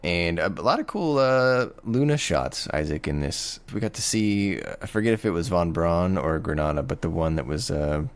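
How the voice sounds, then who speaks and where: A man's voice: sits low, lively intonation, moderate pace, hardly any pauses, clear, resonant tone. A man co-hosting a casual podcast, recapping the story in an enthusiastic, rambling way and laughing often. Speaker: podcast co-host.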